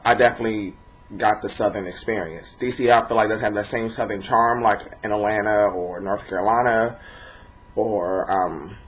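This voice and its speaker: Low-voiced rambling D.C. man, lo-fi. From Washington, D.C. area. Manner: rambling and profane, many fillers. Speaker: vlogger. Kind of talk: casual monologue to camera. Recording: dull lo-fi recording.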